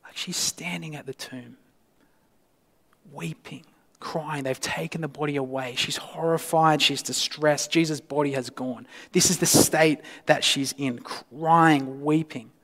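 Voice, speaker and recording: A male pastor delivering a sermon, swinging from loud emphasis to hushed, near-whispered lines. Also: fairly high pitch, fairly even intonation, unhurried. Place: church. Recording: long reverb of a church hall.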